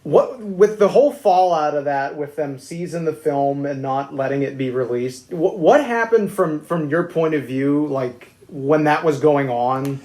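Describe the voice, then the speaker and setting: A man's voice: fairly high pitch, a little slow, hardly any pauses, a little mellow. A man hosting a podcast interview, asking long, hesitant questions with fillers. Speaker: podcast host. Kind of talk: casual interview chat. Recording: echoey room.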